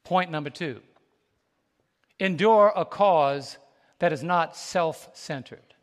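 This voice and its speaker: High-voiced New preacher in a reverberant hall. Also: male voice, takes it slowly. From United States. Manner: animated, preachy call-and-response with the congregation; laughs between stories, folksy colloquial speech. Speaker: pastor. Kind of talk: sermon. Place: church sanctuary.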